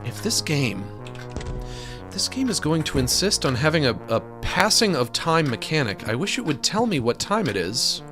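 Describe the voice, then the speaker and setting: A man's voice: on the high side, big pitch swings, normal speed, over music. A young man giving casual, joking commentary while streaming a video game, rambling and looping silly bits. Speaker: let's-play streamer.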